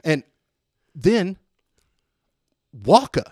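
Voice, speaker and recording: A man telling a long story in casual chat, animated and swearing freely. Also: on the high side, very slow, husky, no room sound, studio quality. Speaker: podcast host telling a story.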